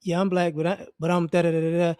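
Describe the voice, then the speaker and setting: A man with an African American English accent gives an animated, casual opinion monologue and keeps restarting his sentences. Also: fairly high pitch, fast, smooth, no room sound, clean studio sound. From United States. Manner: animated, acts out quoted voices, frequent restarts. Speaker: commentary vlogger.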